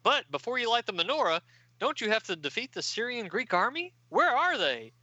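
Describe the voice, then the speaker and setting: A man's voice: very high voice, big pitch swings, fairly quick, bright, forceful tone, no echo, dull audio, voice pushed up, exaggerated voice. A man voicing an earnest young male giant superhero who keeps asking eager questions.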